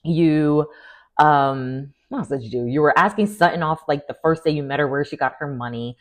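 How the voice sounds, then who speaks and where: Sassy low-voiced woman dishing a recap. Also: moderate pace. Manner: sassy, blunt, animated, with fillers and laughs. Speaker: reality TV recap vlogger. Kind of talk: casual opinionated recap.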